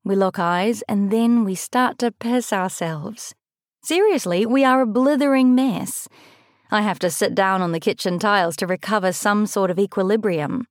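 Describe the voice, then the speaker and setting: Woman, young adult, first-person audiobook narration, measured delivery, mid-pitched, dry studio sound. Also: no room sound. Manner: measured, lightly expressive storytelling.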